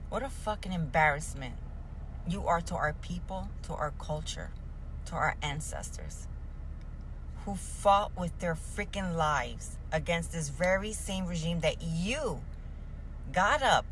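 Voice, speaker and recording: A woman's voice: on the low side, lively intonation, measured pace, slight background noise, low-quality recording. A woman from Puerto Rico in an angry, heated rant to the camera, cursing constantly.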